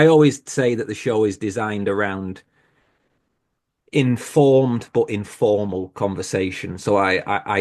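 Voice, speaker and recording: A British man who hosts a horror podcast, speaking as a guest on a video-call panel in a chatty, self-deprecating way, with stammered restarts. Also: low-pitched. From Britain. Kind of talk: casual panel chat. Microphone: video call mic.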